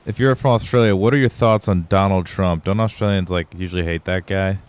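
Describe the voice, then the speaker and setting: Deep-voiced casual male game streamer. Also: fairly even intonation, a little fast, smooth. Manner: rambling, loose, swears freely, chats with viewers. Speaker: live streamer. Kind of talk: casual gaming livestream chat.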